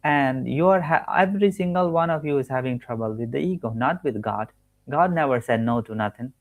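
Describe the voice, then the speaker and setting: A man's voice: mid-range voice, a little fast. A man coaching listeners on manifestation in an earnest, repetitive talk from home, often restarting and correcting his words mid-sentence. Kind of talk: spoken teaching monologue.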